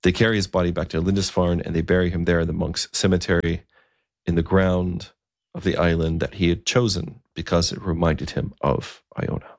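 A man telling a historical story in a relaxed, conversational way, with asides and fillers. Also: deep voice, brisk, vocal fry, dry recording, studio quality.

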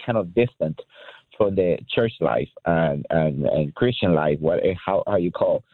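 A male caller with a non-native English accent, speaking haltingly and emotionally on a call-in radio show, with many restarts. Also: sits low, breathy edge, dry recording. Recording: tinny phone line.

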